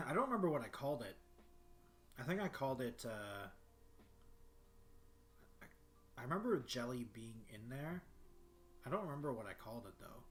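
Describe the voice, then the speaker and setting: A man's voice: medium pitch, big pitch swings, normal speed, long pauses, fairly bright tone. A young man streaming from his bedroom, chatting casually and rambling with lots of fillers and restarts. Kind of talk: casual solo livestream chat.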